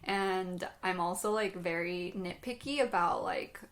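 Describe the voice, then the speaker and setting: A woman's voice: lowish voice, measured pace, fairly bright tone. A young woman co-hosting a podcast in casual chat, bubbly, laughing often and swearing freely into a podcast mic. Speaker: podcast co-host. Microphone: podcast microphone.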